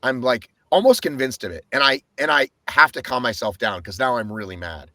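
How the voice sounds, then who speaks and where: A man co-hosting a podcast, telling his race story in a casual, animated way and swearing often. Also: medium pitch, a little fast, dry recording. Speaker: podcast co-host.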